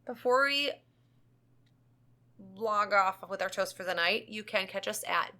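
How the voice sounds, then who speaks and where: Bright-voiced giggly woman podcaster. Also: mid-range voice, a little slow. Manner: rambling and giggly. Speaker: podcast co-host. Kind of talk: casual chat.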